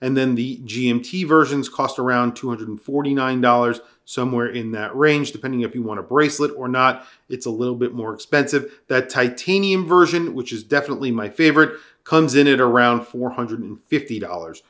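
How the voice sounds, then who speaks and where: A man's voice: medium pitch, fairly quick, few pauses, a bit bright. A man hosting a casual product rundown, enthusiastic and conversational, talking straight to his viewers. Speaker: watch reviewer.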